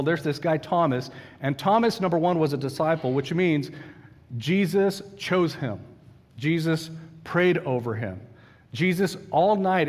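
Conversational male preacher in a reverberant hall. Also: fairly high pitch. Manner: conversational, asks the listeners questions, acts out quotes. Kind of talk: sermon.

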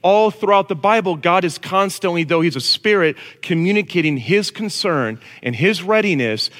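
A man preaching a casual, animated sermon to a congregation. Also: sits high, normal speed. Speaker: pastor. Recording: long reverb of a large hall.

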